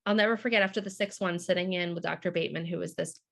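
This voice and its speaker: Guest, American woman, candid and chatty, slightly low voice. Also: fairly even intonation, very fast, gravelly, fairly bright tone. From United States. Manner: candid, lots of fillers. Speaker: podcast guest. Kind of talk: emotional personal storytelling.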